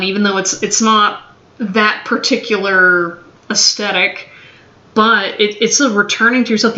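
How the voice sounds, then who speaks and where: A woman's voice: mid-range voice, moderate pace, sharp tone. A woman giving a casual tarot reading to camera, blunt and swearing freely, with a playful drawl. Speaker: tarot reader. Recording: dull, echoey room recording.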